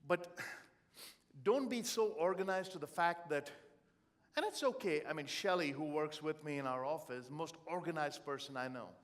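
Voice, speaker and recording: This middle-aged keynote speaker tells funny, emotional stories during a live motivational talk. His voice runs a little high, at normal speed, and his delivery is expressive.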